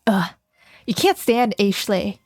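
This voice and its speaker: A woman's voice: medium pitch, animated, slow pace, darkish tone, no echo, faint music behind. Playful woman streamer narrating a game. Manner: playful, laughs often, reads game text aloud.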